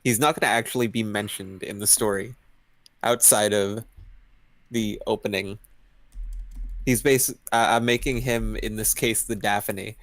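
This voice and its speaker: A man's voice: lowish voice, steady tone, measured pace, long pauses, fairly bright tone, dry recording. A young man co-hosting a live stream, chatting casually and rambling with restarts and chuckles. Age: young adult. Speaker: stream co-host. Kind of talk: casual chat while writing.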